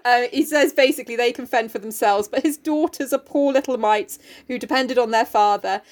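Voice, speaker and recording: A woman with a high voice recaps a play with a co-host. Her delivery is sarcastic and full of swearing. She laughs often as she chats. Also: fairly quick. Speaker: podcast co-host. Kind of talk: casual chat recapping a play.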